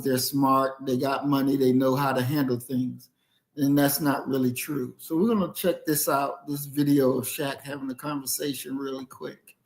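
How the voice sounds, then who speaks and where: This discussion host has a fairly high, darkish voice and takes a critical, lecturing tone with the group, saying "that's not" over and over as he moderates.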